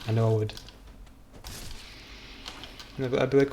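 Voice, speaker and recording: Gravelly man rambling. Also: mid-range voice, fairly even intonation, measured pace, warm tone, slight background noise. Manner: rambling, joking, self-mocking. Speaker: game streamer. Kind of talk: casual commentary while gaming.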